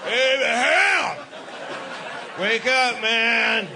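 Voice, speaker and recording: A needy, insecure God yells orders in a high, strained voice that jumps all over the place, as a stand-up comic puts him on. He whines when he doesn't get his way. The recording is noisy and comes from a live show. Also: lively intonation, very slow, creaky, a crowd in the background, heavily acted. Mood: demanding. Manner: whiny, demanding, shouting.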